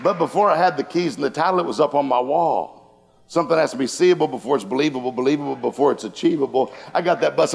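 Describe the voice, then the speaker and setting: A man delivers a humorous motivational seminar, telling one anecdote after another. His voice has a rough, gravelly edge. Long reverb trails each phrase through the church auditorium. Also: fairly high pitch, quick pace. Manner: anecdotal storytelling with jokes. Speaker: motivational speaker. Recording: long hall reverb from a large room.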